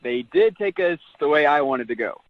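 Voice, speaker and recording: A man's voice: a little high, lively intonation, moderate pace, no room sound. A man on the phone with a radio show, defending himself and laughing things off. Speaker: caller. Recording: lo-fi phone line.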